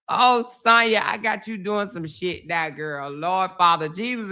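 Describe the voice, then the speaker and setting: A woman's voice: medium pitch, unhurried, hardly any pauses, pushed and bright, clear, resonant tone. A woman, hosting a casual livestream, reading comments aloud and chatting in a sassy, laughing way, calling viewers baby and y'all. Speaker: livestream host.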